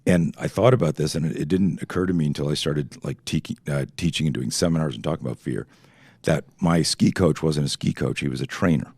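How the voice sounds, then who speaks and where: A middle-aged man from Canada, a self-defense instructor telling stories as a podcast guest, animated and swearing freely while acting out quoted dialogue. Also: a bass voice, a little fast, gravelly, slightly rough, dry recording. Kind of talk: podcast interview storytelling.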